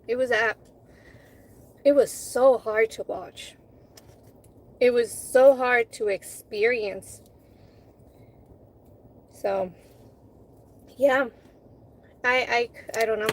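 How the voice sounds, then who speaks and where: A woman's voice: on the high side, steady tone, drawn-out words, long pauses, a little hiss or hum, rough recording. A woman vlogger in casual chat with her live viewers, candid, swearing freely and acting out conversations as she tells them.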